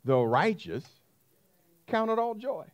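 Male pastor, sermon delivery, lively swooping pitch, slightly high voice, punches key words with repetition. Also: takes it slowly, dull audio. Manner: emphatic preaching, repeating phrases, calling out to the congregation.

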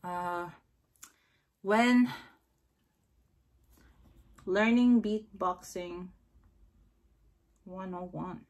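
A woman's voice: fairly low pitch, drawn-out words, long pauses, a little mellow. A woman vlogging casually and talking to herself, hesitant, repeating beatbox syllables over and over.

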